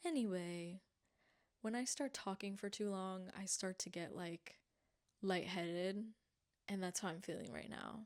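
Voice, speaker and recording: A young woman rambling excitably in a casual vlog, pleading and getting winded and lightheaded. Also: mid-range voice, measured pace. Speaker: vlogger. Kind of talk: casual monthly wrap-up vlog.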